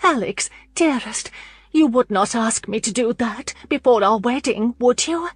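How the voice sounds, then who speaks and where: A woman's voice: expressive, unhurried, husky, no room sound, studio quality, faint music behind. A woman putting on a prim sing-song young lady. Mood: pleading. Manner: high sing-song eager voice. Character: prim young noblewoman fiancée, fussy.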